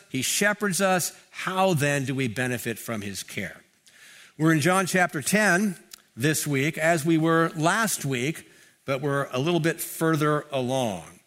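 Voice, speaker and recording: A man's voice: fairly high pitch, a bit bright. A male pastor preaching a sermon in a conversational, reflective way, repeating phrases for emphasis.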